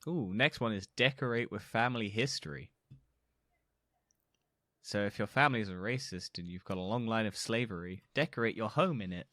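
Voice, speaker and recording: A man's voice: lowish voice, fairly quick, sharp tone, no echo, clean studio sound. A young man co-hosting a podcast, talking bluntly with crude asides in casual chat. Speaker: podcast co-host.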